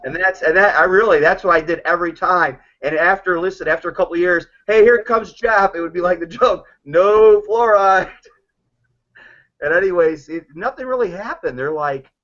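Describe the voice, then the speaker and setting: Man, slightly high voice, joking storyteller, casual group-call chat, muffled lo-fi audio. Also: fairly quick, sharp tone. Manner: joking storyteller acting out quotes.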